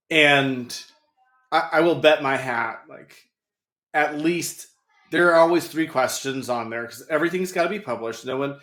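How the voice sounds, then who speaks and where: A man's voice: medium pitch, fairly bright tone, roomy sound. A man guesting on a podcast, chatting casually and telling anecdotes. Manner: chatty, storytelling, laughs often.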